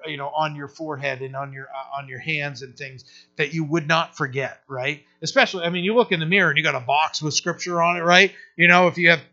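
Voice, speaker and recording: Male pastor, conversational verse-by-verse teaching, bright and a bit high-pitched, halting restarts; dull lo-fi recording. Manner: casual, halting, many restarts and "right?" checks.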